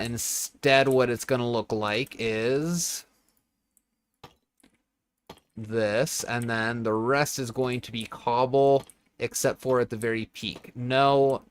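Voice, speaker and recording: A young man streams from home into a desk microphone, his voice sitting at an everyday middle pitch. He rambles bluntly, swears often and talks straight to his chat. He chats casually while he builds. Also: a bit bright, clear, resonant tone. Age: young adult.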